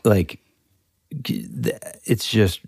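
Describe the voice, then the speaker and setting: A man's voice: fairly low pitch, fairly even intonation, slow, creaky, a little mellow, breathy edge, no room sound, studio quality. A man co-hosting a podcast, chatting casually and animatedly about a true-crime story, rambling and joking. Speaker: podcast co-host.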